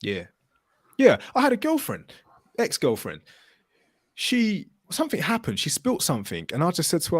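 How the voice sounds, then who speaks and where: A man hosts a casual podcast, talking with energy and the odd swear word. He tells stories and acts out quotes, his pitch jumping around. His voice sounds dry and close to the mic. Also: moderate pace, husky, no room sound. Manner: animated, swearing, storytelling with acted quotes. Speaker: podcast host.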